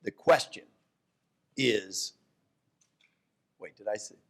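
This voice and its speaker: A man, an economics professor, talking economics onstage at a live event, animated, often restarting his sentences. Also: slow pace. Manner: animated storyteller, jumps to high voices for quotes; restarts and self-corrections. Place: downtown event hall with live audience.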